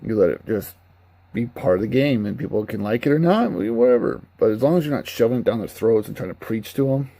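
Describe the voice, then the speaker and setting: A man's voice: medium pitch, lively intonation, fairly quick, vocal fry, dark tone, dry recording. A man giving a casual, rambling, candid spoken review of a video game. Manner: rambling, candid, laughs at his own retellings.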